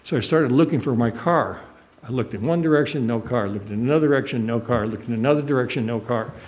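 A man's voice: medium pitch, fast talker, darkish tone. An older man preaching a sermon, telling a personal story in an earnest, emotional way. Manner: emotional, earnest, choked up at moments.

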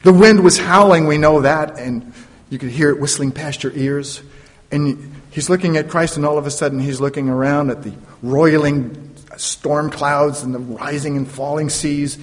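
A man preaching a sermon, retelling a story dramatically with playful asides. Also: fairly high pitch. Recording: long reverb of a large hall.

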